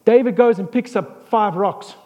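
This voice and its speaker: A man preaching an animated sermon as a pastor, with joking asides and calls for amens. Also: high-pitched, moderate pace, big-room sound, muffled recording.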